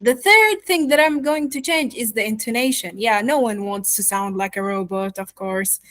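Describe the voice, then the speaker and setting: Woman, accent coach, lecturing online, fairly high voice, dry close sound. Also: moderate pace, a bit bright, no room sound. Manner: explanatory, addresses students directly.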